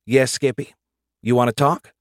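A man's voice: mid-range voice, fairly even intonation, moderate pace, dry recording, studio quality, close to an everyday voice. A man reading the lines of a drowsy, direct woman officer.

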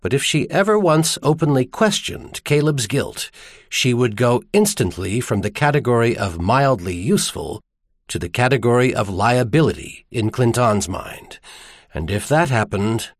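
A man narrates an audiobook in a measured, expressive storytelling manner. His pitch rises and falls in lively arcs. The recording is dry and close. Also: no echo.

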